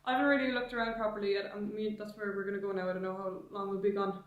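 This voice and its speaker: A woman's voice: medium pitch, flat delivery, racing, narrow, tinny audio. A young woman, a travel vlogger chatting casually to camera in a rented apartment, rambling and wry.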